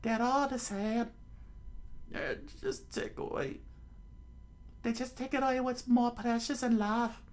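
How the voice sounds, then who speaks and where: A man voicing a fiery young woman who hates pirates, speaking in a shrill, high falsetto with open hostility. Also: slow pace, pauses often. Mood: bitter.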